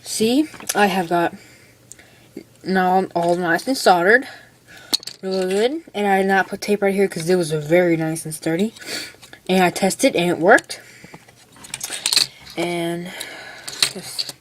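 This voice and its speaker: A woman's voice: fairly low pitch, takes it slowly, pauses often. A young woman, perhaps a teen, rambling chattily through a casual how-to demonstration at a home workbench, full of "like" and "okay". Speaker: hobbyist showing a build. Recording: noisy home video recording.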